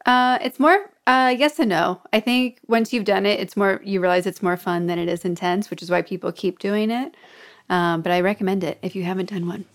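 A woman's voice: mid-range voice, fairly even intonation, a little fast. Chatty woman podcast host. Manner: friendly, chatty, encouraging. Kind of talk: casual chat.

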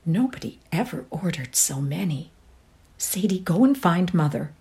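A woman reading aloud, voicing an excitable young woman who gushes in a high, bright voice. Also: measured pace. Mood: faint.

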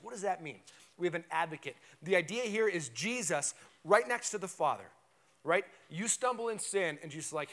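A man's voice: high-pitched, expressive, moderate pace, sharp tone. A man preaching a conversational, emphatic sermon in a church, often checking in with "right?". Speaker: pastor. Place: church sanctuary.

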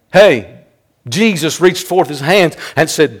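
A male pastor, preaching a sermon fervently and breaking into loud, high-pitched bursts. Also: lively intonation, slow pace, slightly rough.

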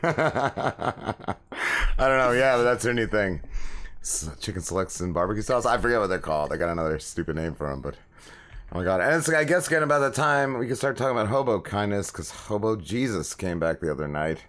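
A man's voice: lowish voice, lively intonation, a little fast, a bit bright. Man telling rambling profane stories. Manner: rambling, swears a lot, acts out quoted people. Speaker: podcast co-host. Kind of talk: casual profane storytelling.

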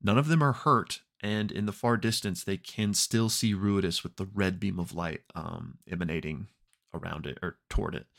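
Young male podcast co-host, very low voice, loose chatty recap with plenty of fillers. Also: moderate pace, creaky. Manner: relaxed storytelling with many fillers. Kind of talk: casual recap and discussion.

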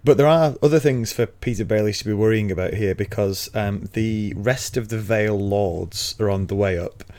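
A man co-hosting a casual book podcast, relaxed and chuckling as he recaps the story. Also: fairly low pitch, moderate pace, hardly any pauses. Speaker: podcast co-host.

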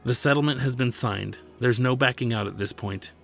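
A man's voice: mid-range voice, moderate pace, vocal fry, fairly bright tone, soft background music. A man voicing a cold, proud young princess, speaking curtly and dismissively. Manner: curt, dismissive.

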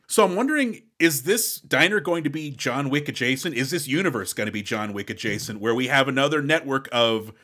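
Male podcast co-host, slightly higher voice, keen and chatty. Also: lively intonation, brisk, few pauses, bright, forceful tone. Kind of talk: casual movie review chat.

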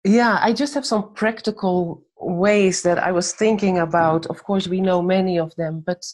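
A woman giving gentle, measured answers in a faith-based conversation and telling a short story. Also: lowish voice, steady tone. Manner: gentle, measured, tells stories. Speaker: guest speaker on faith and anxiety.

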